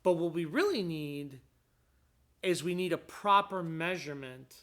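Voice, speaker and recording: A man's voice: a little high, unhurried, fairly bright tone. A man talking casually in a conversation, explaining his views with frequent restarts and rising emphasis. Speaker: guest describing his court hearing.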